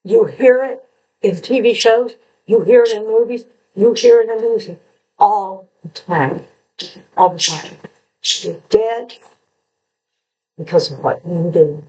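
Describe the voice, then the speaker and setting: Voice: mid-range voice, a little slow, mellow, dull audio, slight background noise. A true crime commentator analysing a confession letter, who lectures with emphasis and asks rhetorical questions.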